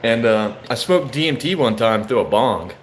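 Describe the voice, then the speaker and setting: A man's voice: mid-range voice, expressive, moderate pace, slight background noise. A young man casually telling a story, loose and profane, saying bro often.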